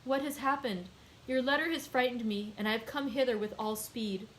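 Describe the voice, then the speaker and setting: An anxious young man presses his mother for news with urgent worry, as a woman reading aloud puts him on. His voice comes out a little louder and insistent. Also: on the high side, moderate pace, a little hiss or hum, lightly acted, low-quality recording. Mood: alarmed.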